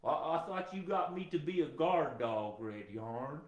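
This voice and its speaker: Brief: man playing a worked-up guard-dog puppet, gruff and stammery, a touch lower than his own voice, roomy echo. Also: animated, measured pace, highs cut off. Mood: stubborn. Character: excitable male hound dog puppet, bossy guard dog.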